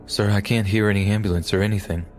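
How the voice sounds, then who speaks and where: A man voicing a badly injured twenty-year-old man, shaky, halting and pleading. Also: on the low side, steady tone, faint music behind, lightly acted. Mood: desperate.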